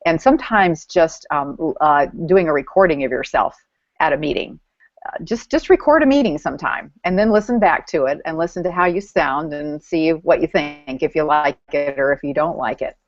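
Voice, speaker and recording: Woman host, low pitch, measured, dry muffled call sound. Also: no echo. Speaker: host reading audience questions. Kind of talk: casual live video chat. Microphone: video call. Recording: dry, dull lo-fi call audio.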